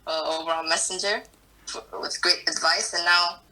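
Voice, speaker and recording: A man's voice: high voice, fairly even intonation, moderate pace, bright, forceful tone, low-quality recording. A young man answering as an interview guest over a video call, giving short, hesitant answers. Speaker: guest ventriloquist.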